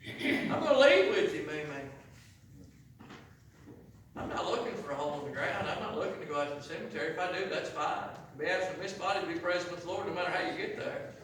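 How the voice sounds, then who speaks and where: A man preaching an impassioned sermon in a church, swelling loud and dropping quiet. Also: fairly high pitch, rapid-fire, a little hiss or hum. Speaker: pastor. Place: church sanctuary. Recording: echoey church heard from a distance.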